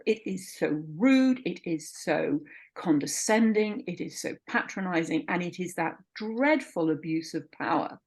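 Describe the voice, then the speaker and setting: A woman's voice: on the low side, animated, unhurried, a little mellow, slightly rough. A middle-aged woman, a midwife, speaking in an interview with passionate emphasis and repeated words. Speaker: midwife and guest. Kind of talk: conversational interview.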